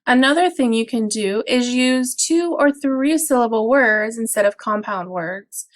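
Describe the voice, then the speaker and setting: Slow, patient woman teaching sounds. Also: a little high. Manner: slow, clear, patient explaining with drawn-out example words. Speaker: early childhood teacher. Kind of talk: instructional video for parents.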